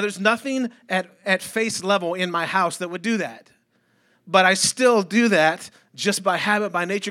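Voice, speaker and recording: A man's voice: high voice, bright, forceful tone. A man pastor preaching a sermon in a church, conversational and humorous, with frequent rhetorical questions to the congregation.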